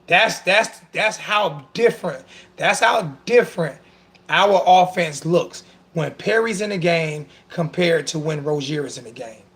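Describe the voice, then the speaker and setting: Brief: male sports talk host, high gravelly voice, emotional and sarcastic. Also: a little slow. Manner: emotional, animated, sarcastic, repeats himself.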